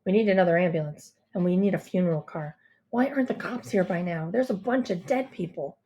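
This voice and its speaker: A woman voicing a gruff, brusque male ambulance worker who gives low, clipped orders. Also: brisk, warm tone, muffled recording, slight background noise, natural voice.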